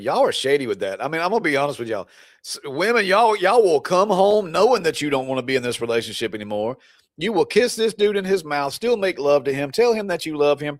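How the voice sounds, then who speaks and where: A mid-range male voice, recorded dry with clean studio sound, belongs to a divorce coach on a live stream. He gives a blunt, preachy, fired-up pep talk and pokes fun at his viewers.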